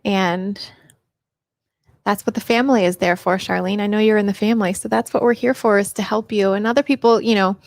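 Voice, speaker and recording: A woman's voice: mid-range voice, steady tone, brisk, gravelly, no room sound, studio quality. A middle-aged woman hosting a casual live Q&A stream on her own mic, chatty and upbeat, greeting viewers by name. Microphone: personal microphone.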